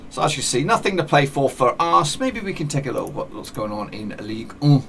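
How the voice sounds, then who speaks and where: Male gaming host, mid pitch, gravelly, loose self-correcting play-by-play, faint hiss on the recording. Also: very animated, fairly quick, a bit bright. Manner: rambling, self-correcting chatter with mock match commentary. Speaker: gaming YouTuber. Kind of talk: casual game commentary.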